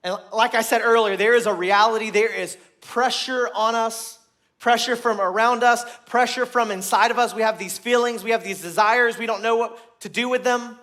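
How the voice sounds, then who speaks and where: A man preaching a sermon to a room, earnest and repeating his points, growing loud and emphatic at key moments. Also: very high voice, steady tone, normal speed. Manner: earnest, repeats phrases, restarts words.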